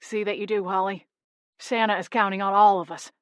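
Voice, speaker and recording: A woman's voice: mid-range voice, steady tone, brisk, dry recording, studio quality, natural voice. A woman voicing a small, loyal male gnome who speaks indignantly and earnestly. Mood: worried.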